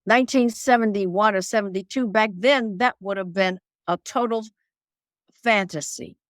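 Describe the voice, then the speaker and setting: An older woman from Detroit, a singer being interviewed, telling stories in an animated way and repeating phrases for emphasis. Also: mid-range voice, normal speed, no room sound, clean studio sound. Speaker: guest singer. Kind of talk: casual interview chat.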